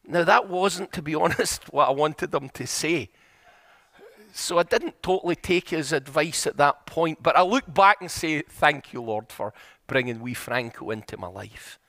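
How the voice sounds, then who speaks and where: A middle-aged male preacher delivers a sermon in an earnest, story-driven way, pressing his points home with repetition. His voice sits high for a man. The sound is close and dry, with little room echo. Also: lively intonation, a little slow, a bit bright. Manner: earnest, storytelling, building to emphatic repeated points. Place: church.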